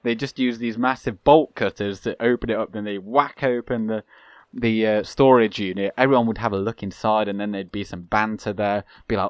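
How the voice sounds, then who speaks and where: A man's voice: on the low side, steady tone, normal speed, clean tone, no room sound. A young man giving rambling, chatty commentary while playing a strategy game, laughing now and then. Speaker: gaming channel host. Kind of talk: let's play commentary.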